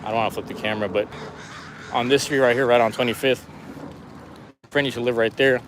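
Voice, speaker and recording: A man's voice: mid-range voice, steady tone, fairly quick, a little hiss or hum. A man live-streaming as he walks a city street in the rain, talking in a laid-back, rambling way full of slang, his voice a little worn. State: losing his voice. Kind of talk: casual walking live stream.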